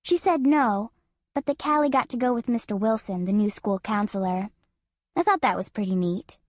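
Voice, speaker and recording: A woman's voice: medium pitch, steady tone, normal speed, a little mellow, no room sound, studio quality, natural voice. A woman narrating an audiobook as a frightened seven-year-old girl, in an earnest, childlike first-person telling. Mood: worried, earnest.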